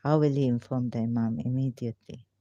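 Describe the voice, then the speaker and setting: A woman's voice: a bass voice, fairly even intonation, brisk, mellow, dry recording. A woman reading a religious text aloud and breaking off with emotional, pleading rhetorical questions. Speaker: ex-Muslim commentator. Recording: dull, lo-fi, dry sound.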